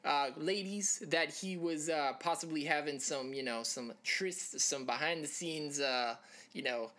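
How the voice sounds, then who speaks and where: A man's voice: fairly high pitch, unhurried, bright, forceful tone. A man co-hosting a casual sports chat show, rambling with jokes and lots of fillers. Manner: rambling, joking asides, many fillers. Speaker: podcast co-host.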